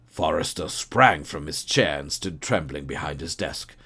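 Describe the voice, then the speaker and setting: A man narrating an audiobook story in a measured, even way. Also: extremely low pitch, breathy edge.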